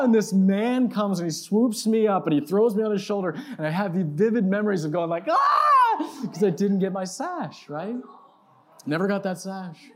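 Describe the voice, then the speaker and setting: A man preaching to a live audience in a casual, self-mocking storytelling style, peppered with "like" and "right?", swinging from loud excitement to quiet reflection. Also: mid-range voice. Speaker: pastor.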